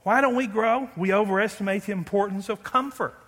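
A man preaching a sermon as pastor, animated, acting out loud pleading prayers and making joking asides. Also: high-pitched, a little fast, in a large hall.

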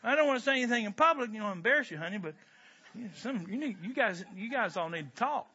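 High bright-voiced male preacher. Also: quick pace, slightly rough. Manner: animated, joking, conversational. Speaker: pastor. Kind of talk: sermon. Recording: dull lo-fi recording.

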